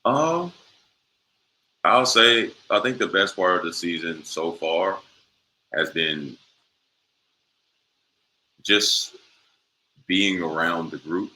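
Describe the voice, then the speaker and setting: A man's voice: low-pitched, steady tone, takes it slowly, long pauses, pushed and bright, a little hiss or hum, poor audio. A young man, a professional basketball player, answering interview questions in a laid-back way with many fillers.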